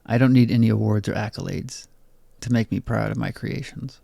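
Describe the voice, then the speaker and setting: A young man reading his own poetry aloud in a low-key, bitter spoken-word delivery. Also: fairly even intonation, brisk, creaky, dark tone, no echo. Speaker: poet.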